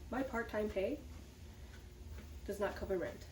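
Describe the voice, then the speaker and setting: Her medium-pitched, darkish voice moves at a measured pace as she chats candidly and cheerfully on camera about a rough time. The vlog was recorded at a distance in an echoey room, with faint ambience and slight background noise.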